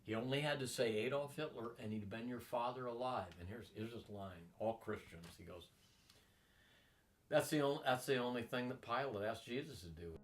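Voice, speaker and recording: A man in his sixties gives an interview at a normal pace, his mid-range voice captured from far off. He tells long, rambling personal tales with energy, mimicking the people whose words he repeats.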